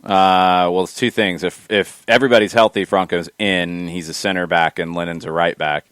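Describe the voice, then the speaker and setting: A man's voice: deep voice, fairly even intonation, a bit bright, clear, resonant tone, dry recording, studio quality. A man co-hosting a sports podcast, chatting casually and giving rambling, opinionated takes. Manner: rambling, opinionated, quick asides. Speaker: podcast co-host.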